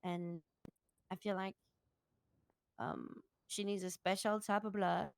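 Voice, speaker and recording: Woman, gravelly morning voice, halting doctor roleplay. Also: medium pitch, steady tone, dry recording. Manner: halting, apologetic, full of restarts. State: rough morning voice. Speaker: streamer playing a doctor in roleplay. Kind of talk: in-character roleplay chat.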